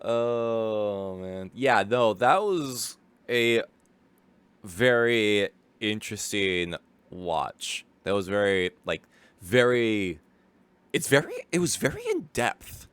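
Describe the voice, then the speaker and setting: A man's voice: lowish voice, big pitch swings, slow pace, fairly bright tone, clear, resonant tone, no room sound. A man casually commenting as a streamer, rambling with lots of fillers and restarts and laughing easily. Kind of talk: casual live watch-along commentary.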